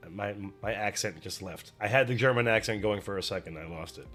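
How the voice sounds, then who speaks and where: A man's voice: lowish voice, brisk, hardly any pauses, a bit bright. Chatty young man streaming. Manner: rambling, chatty, self-deprecating. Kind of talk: casual chat while painting on stream. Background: faint music.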